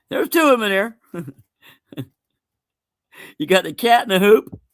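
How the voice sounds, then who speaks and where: A man hosts a live giveaway stream in an unhurried drawl. His voice is bright and forward, and he keeps laughing and joking as he calls viewers by name. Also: sits high, big pitch swings. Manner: laughs often, jokey and loose, talks to viewers by name. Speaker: livestream host running a giveaway. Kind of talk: casual livestream chat.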